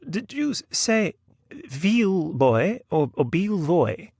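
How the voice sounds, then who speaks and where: Brief: grandmotherly old woman novelist, curious and high-voiced, read by a man, storybook reading. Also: very animated, slow, a little mellow, breathy edge, no room sound, studio quality, heavily acted. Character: elderly female British novelist, grandmotherly, curious.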